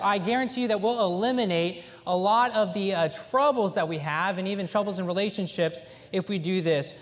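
A man in his thirties preaching a folksy sermon in a church, telling stories with animated emphasis. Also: high-pitched. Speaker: pastor. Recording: echoey church hall.

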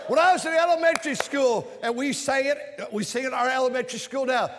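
High-voiced preacher shouting in a hall. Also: male voice, a little fast, few pauses. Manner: impassioned, swings from shouting to quiet. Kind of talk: sermon. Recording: long hall reverb.

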